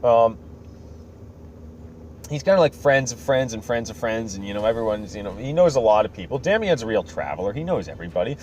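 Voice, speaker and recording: A man hosting a podcast talks through a game's storyline casually, joking, rambling, using plenty of fillers and acting out quotes. His voice is on the low side, expressive and a little fast, with a bit of hiss or hum in the recording.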